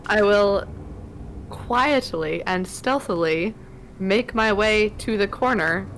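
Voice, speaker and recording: Slow, gravelly-voiced woman player. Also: mid-range voice, fairly bright tone, a little hiss or hum. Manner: polite, formal phrasing. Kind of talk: playing a tabletop game. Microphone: online voice call.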